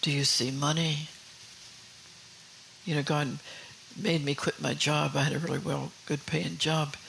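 Male preacher, gravelly, slightly high voice, fervent sermon with whispered asides. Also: little pitch movement, a little slow, a bit bright, slight background noise, rough recording. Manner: fervent, rhetorical questions to the congregation.

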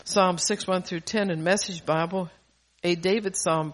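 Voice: medium pitch, steady tone, unhurried. An earnest preacher and parent delivers a sermon, reading long psalm passages aloud. The voice gathers force on the key lines, and phrases often break off and restart. It sounds like real pulpit talk, not a polished reading. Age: adult parent. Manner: stumbles and restarts mid-phrase.

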